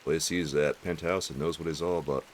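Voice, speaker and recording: A man's voice: extremely low pitch, fairly even intonation, fairly quick. A man casually commenting on a game he plays for viewers, joking crudely and chatting with his audience. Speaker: let's play streamer.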